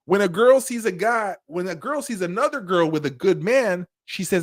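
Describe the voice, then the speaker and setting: Man, high voice, dry close sound, casual commentary, animated, profane, laughing. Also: normal speed, no echo. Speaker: commentary channel host.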